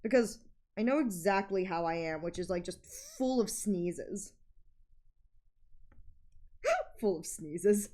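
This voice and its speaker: A woman's voice: medium pitch, takes it slowly, pauses often. A woman streamer chatting casually while she draws, rambling through stories and acting out other people's lines. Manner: chatty and rambling, with frequent fillers and laughter; animated storyteller who acts out other people's lines.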